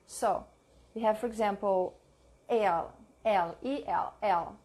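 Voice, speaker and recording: A young woman teaching a pronunciation lesson, reading each example word slowly and carefully, often repeating it. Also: medium pitch, darkish tone. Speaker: language teacher.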